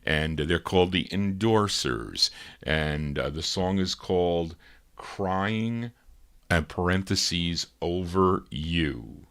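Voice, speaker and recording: A man hosting a live record show, chatting casually and musing aloud with frequent pauses and "uh"s. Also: low voice, expressive, a bit bright. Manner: easygoing and musing, thinks aloud with many "uh"s.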